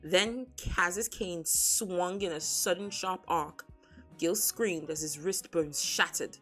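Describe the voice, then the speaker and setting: A woman's voice: lowish voice, bright, forceful tone. A young woman streamer reading a novel aloud on a sensitive desk mic, breaking off for chatty, laughing asides and casual swearing.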